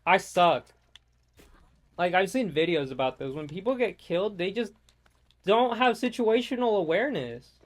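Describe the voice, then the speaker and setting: High-pitched dude rambling and cussing over gameplay, blunt casual rant. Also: male voice, expressive, normal speed. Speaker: gaming vlogger.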